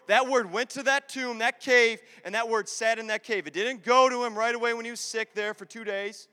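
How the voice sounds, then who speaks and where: High-voiced preacher man in a reverberant hall. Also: fairly even intonation, normal speed, pushed and bright. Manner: impassioned, repetitive preaching with acted-out prayers. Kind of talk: sermon.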